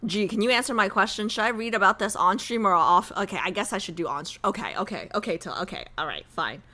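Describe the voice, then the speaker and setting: A woman's voice: medium pitch, lively intonation, quick pace, sharp tone. A young woman streamer chatting casually on a live stream, nervous and rambling, repeating herself.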